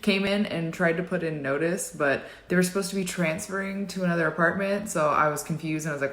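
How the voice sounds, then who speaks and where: A woman's voice: on the low side, fast talker, few pauses, a bit bright. Profane ranting woman in her twenties. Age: 20s. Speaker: vlogger. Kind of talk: casual selfie video chat.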